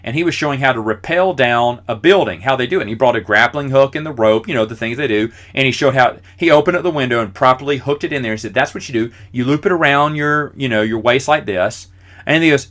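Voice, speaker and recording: Brisk and fairly bright, with a mid-range voice, the forty-something podcast host wanders through casual, self-mocking anecdotes packed with filler words.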